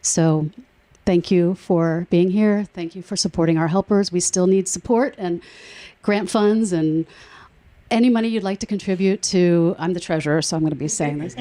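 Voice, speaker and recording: Low-voiced woman giving an emotional speech. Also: normal speed, no echo. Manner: emotional, warm storytelling with laughs. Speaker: nonprofit board treasurer. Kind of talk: speech at a public event.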